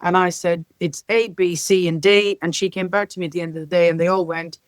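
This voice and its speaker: A middle-aged woman from Ireland, a care sector leader, telling lively stories as a podcast guest and acting out the dialogue in them. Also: fairly low pitch, brisk, dry recording. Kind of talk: podcast interview storytelling.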